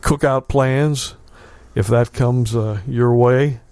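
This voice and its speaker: A man hosting a casual local radio show from a small studio, talking in a halting way full of fillers. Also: medium pitch, steady tone, warm tone, no echo. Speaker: radio host.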